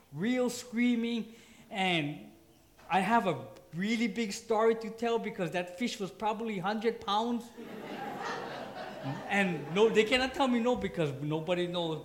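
A man preaching a sermon in church with a light tinge, joking with the congregation. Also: high voice. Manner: joking, playful asides to the congregation. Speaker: pastor.

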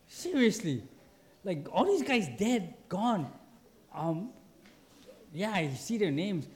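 Animated high-voiced male pastor. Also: a little slow, a little hiss or hum. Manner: animated, acts out quoted voices. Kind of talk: sermon.

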